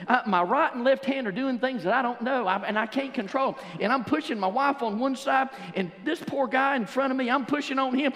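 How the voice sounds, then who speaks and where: A male pastor preaching a sermon in a church, telling stories in an animated way and breaking into exuberant shouts. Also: very high-pitched, fast talker, hardly any pauses. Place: church sanctuary. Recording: long church hall reverb.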